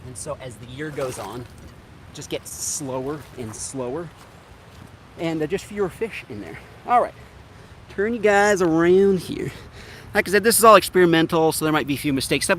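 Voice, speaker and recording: Chatty man, high voice outdoors. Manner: chatty, upbeat, talks straight to viewers. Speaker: fishing vlogger. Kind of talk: casual livestream chat while cooking. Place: outdoors on a riverbank. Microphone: camera on a tripod. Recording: outdoor camera audio with loud ambient noise.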